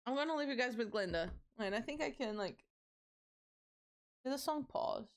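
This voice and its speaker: A young woman streamer with a fairly high voice, lively intonation, and a moderate pace talks casually with her audience. She giggles, stays bubbly, and curses freely.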